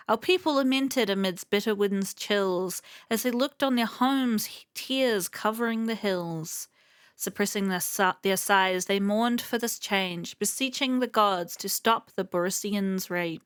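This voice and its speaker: A woman's voice: mid-range voice, clear, resonant tone, dry recording, studio quality. A young woman hosting a let's play, chatting casually and reading the game's text aloud with frequent fillers. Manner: reads game text aloud between remarks, frequent fillers. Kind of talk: casual gameplay commentary.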